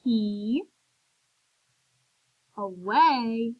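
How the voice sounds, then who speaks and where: A woman gives a recorded phonics lesson for young children in a slightly high, breathy voice. She speaks very slowly and sounds out words with clear, encouraging care. The recording is dry and close, with no room sound. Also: lively intonation, no room sound, highs cut off. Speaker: teacher.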